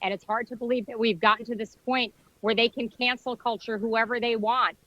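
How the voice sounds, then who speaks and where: A woman's voice: a little high, fairly even intonation, fairly quick, highs cut off. A woman organizing a rally, calling in live from outdoors and speaking in an indignant, rallying way. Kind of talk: live remote interview.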